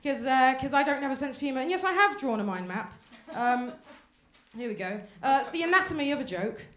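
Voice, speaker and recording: A woman's voice: high-pitched, expressive, brisk, a bit bright, reverberant. A woman doing a sarcastic, mock-angry stand-up set. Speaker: stand-up comedian.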